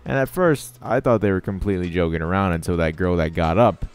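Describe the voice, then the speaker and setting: Young male host, low-ish voice, deadpan-sarcastic storyteller over gameplay. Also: a little fast, slight background noise. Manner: sarcastic, exasperated ranting. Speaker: channel host.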